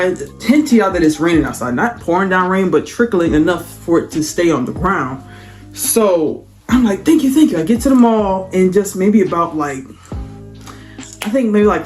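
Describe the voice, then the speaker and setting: A young woman vlogger telling a casual, slangy storytime, acting out what people said. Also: fairly low pitch. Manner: animated, slangy, acts out quotes.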